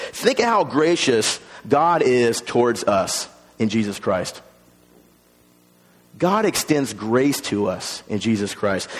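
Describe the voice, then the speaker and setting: A male pastor preaching a sermon, animated, acting out the voices in the stories he tells. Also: mid-range voice, breathy edge, long reverb tail. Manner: animated, acts out voices in quotes.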